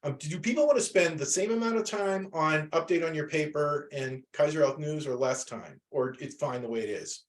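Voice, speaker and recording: A man's voice: a little high, moderate pace, hardly any pauses. A man teaching a class over a video call, talking casually and rambling with many restarts.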